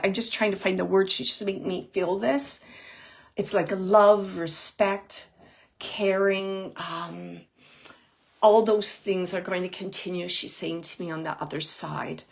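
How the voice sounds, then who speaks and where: A woman working as a psychic medium, giving a live reading in a soft, hesitant way, with many pauses, and repeating words as she relays messages. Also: fairly low pitch, gravelly, slightly rough. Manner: repeats words and phrases for emphasis. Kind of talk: live spirit reading for an audience member.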